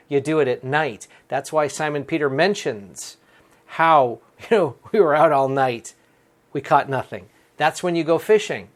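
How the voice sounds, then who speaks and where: Earnest priest with a fairly high voice. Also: male voice. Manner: earnest, conversational, chuckles often. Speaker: Catholic priest. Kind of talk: conversational daily homily podcast. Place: rectory room.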